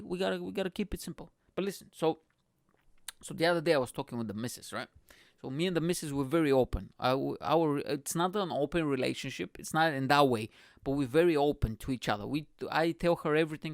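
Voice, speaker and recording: Brash, higher-voiced accented man. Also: dry recording, clean studio sound. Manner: boastful, profane, self-mocking, rambling; speaks with an accent. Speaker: podcast host. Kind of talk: crude comedic monologue.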